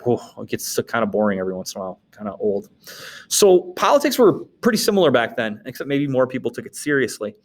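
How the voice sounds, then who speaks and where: A man from Wisconsin, a teacher, recapping the day's lesson in a casual way, with joking asides and frequent "okay?" check-ins. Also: medium pitch. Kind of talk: recorded class recap lecture.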